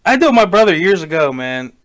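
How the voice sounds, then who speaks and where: A man's voice: high-pitched, big pitch swings. A man co-hosting a podcast in casual chat, slangy and loose, often tossing in "bro" and "man". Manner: fast, slangy, peppers talk with "bro" and "man". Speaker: podcast co-host.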